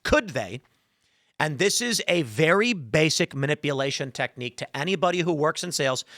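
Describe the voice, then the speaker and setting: A man's voice: a little high, bright, forceful tone, no echo, studio quality. A man hosting a podcast, telling an exasperated, sarcastic story and acting out both sides of his chats. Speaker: podcast host. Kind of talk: animated opinionated monologue.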